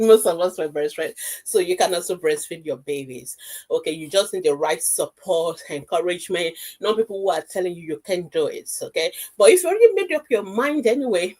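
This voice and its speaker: A woman pediatrician giving a health webinar talk, speaking directly to mothers in an emphatic, reassuring way and repeating key points in lists. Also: lowish voice.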